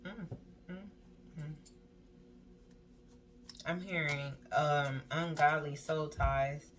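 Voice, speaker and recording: A woman's voice: low voice, very slow, slight background noise. A woman giving a casual spoken tarot reading, reading card text aloud and then riffing on it in a chatty way with lots of "like" and "um". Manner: chatty, loose, full of "like" and "um" asides. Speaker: tarot reader.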